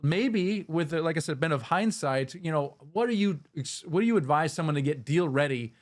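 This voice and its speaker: A man's voice: on the high side, animated, moderate pace. A male host interviewing a guest, talking enthusiastically and often restarting his phrases. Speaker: podcast host. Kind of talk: interview conversation.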